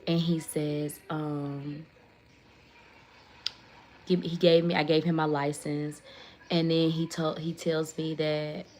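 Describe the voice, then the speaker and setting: A woman tells a long story on a casual livestream, talking into her phone. Her voice sits on the low side and she keeps the retelling animated and chatty. She stops now and then to thank viewers by name. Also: slow pace, long pauses, a little hiss or hum. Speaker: livestream host.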